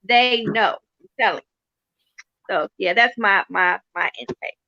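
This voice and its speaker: A woman's voice: medium pitch, slow, pushed and bright, no room sound, highs cut off. A woman nail tech talking casually and emphatically about her work. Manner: colloquial, emphatic. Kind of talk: casual chat.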